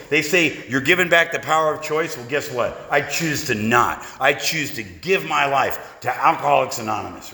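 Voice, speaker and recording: A man's voice: fairly high pitch, pushed and bright. A man sharing his story at a recovery meeting, telling it as a punchy, profane comic tale to a live audience. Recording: echoey hall reverb.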